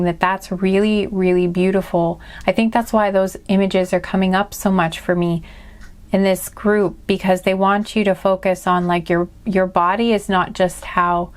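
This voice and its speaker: A woman giving a casual spiritual card reading to her viewers, earnest and gushing, rambling with many restarts and fillers. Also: on the low side. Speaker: tarot and oracle card reader.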